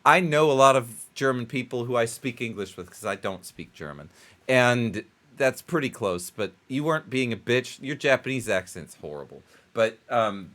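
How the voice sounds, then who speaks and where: A man's voice: mid-range voice, animated, moderate pace, fairly bright tone. Swearing man cohost, kinda buzzed, rambles on and on. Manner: crude, rambling, swears a lot. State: drinking, getting tipsy. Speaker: co-host. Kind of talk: casual comedic chat.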